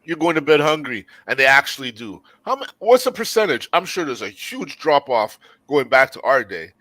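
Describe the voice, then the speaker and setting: A man's voice: mid-range voice, very animated, moderate pace, sharp tone, no echo. A man speaking as a panelist in a casual discussion, telling stories with blunt opinions and plenty of swearing. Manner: profane storyteller, blunt opinions.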